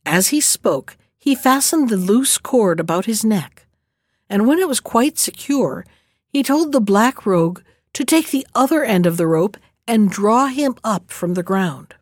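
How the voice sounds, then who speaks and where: A woman's voice: mid-range voice, expressive, measured pace, no room sound, studio quality. Woman reading a folk tale aloud. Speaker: narrator. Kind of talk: storybook reading.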